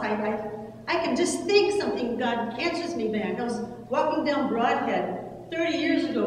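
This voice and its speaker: Older woman, earnest church testimony, higher voice, far-off echoey hall. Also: a little hiss or hum. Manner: earnest storytelling with halting restarts. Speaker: speaker at a church service. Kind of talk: personal testimony sermon. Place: church sanctuary.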